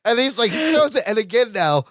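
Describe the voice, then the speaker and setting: A high-voiced man talks through an old sitcom episode with a podcast co-host, jumping up and down in pitch as he acts out the characters' lines. The sound is dry and close. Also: fairly quick, dry recording. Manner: animated, acts out lines from scenes. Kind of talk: casual recap chat.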